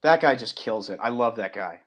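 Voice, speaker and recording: In this relaxed interview, the guest, a man who creates comic books, talks a little fast in a mid-range voice. He's animated, performs movie lines as he goes, and frequently starts his sentences over.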